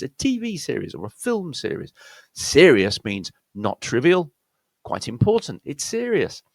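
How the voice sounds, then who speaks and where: A man with a British accent teaching pronunciation, slowing down to spell out words with exaggerated care. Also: medium pitch, creaky, no room sound. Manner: slow, exaggerated demonstrations of words. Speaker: accent coach. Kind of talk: pronunciation lesson.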